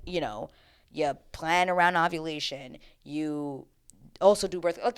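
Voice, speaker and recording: A woman vlogger giving a casual, opinionated recap of a reality show, chatty and emphatic, with slang and tangents. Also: deep voice.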